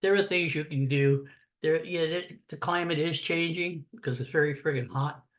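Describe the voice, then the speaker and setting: A man's voice: fairly high pitch, moderate pace, fairly bright tone. An older American man giving a blunt, sarcastic, rambling political rant in a casual monologue. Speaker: political commentator.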